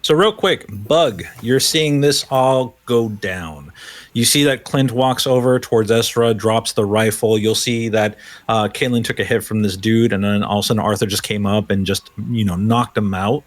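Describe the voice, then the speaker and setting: A man's voice: on the low side, normal speed. A man narrating a tabletop role-playing game as game master, steadily describing the scene to the players.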